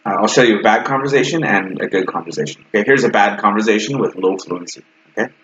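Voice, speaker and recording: Lower-voiced man teaching conversation English. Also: fast. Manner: animated, acts out both sides of sample dialogues. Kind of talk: casual teaching to camera. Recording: slightly dull lo-fi sound.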